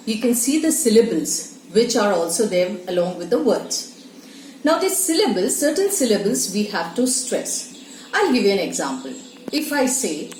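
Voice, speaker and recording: A woman tutoring English pronunciation, her pitch rising and falling energetically as she spells out words and explains them step by step. The room around her has a noticeable echo, with a faint hum of ambience underneath. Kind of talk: teaching pronunciation to camera.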